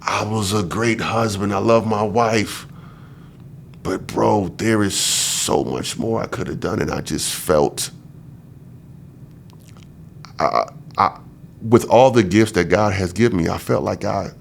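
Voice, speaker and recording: A man's voice: on the low side, unhurried, vocal fry, slight background noise. A man, a podcast guest, telling a story casually and animatedly, with slang, acting out the people he quotes.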